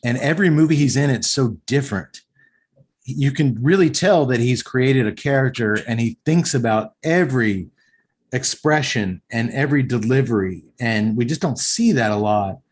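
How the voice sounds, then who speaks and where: A man in an average pitch talks eagerly through a movie on a casual podcast. He retells the scenes and mixes in his own opinions as he goes. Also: normal speed, husky. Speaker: podcast host. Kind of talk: casual film recap and review chat.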